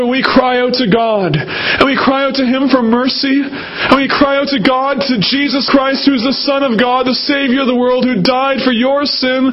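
A man's voice: very high voice, dull audio. A man preaching a sermon as pastor, earnest and repetitive, often addressing the congregation directly.

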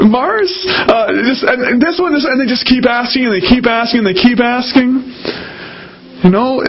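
High-voiced man preaching. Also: muffled recording. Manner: earnest, repetitive preaching with direct address to the congregation. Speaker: pastor. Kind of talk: sermon.

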